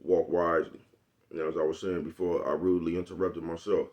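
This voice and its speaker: Brief: streetwise Oakland man vlogging to his camera, low voice, rambling, profane. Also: level tone, brisk, a little mellow. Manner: streetwise, profane, rambling, constantly asks "you know what I'm talking about?". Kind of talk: casual monologue to camera.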